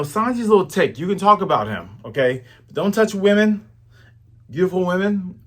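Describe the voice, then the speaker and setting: A man's voice: medium pitch, a bit bright. A man in his thirties hosting a manga review, chatty and slangy in casual commentary. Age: 30s.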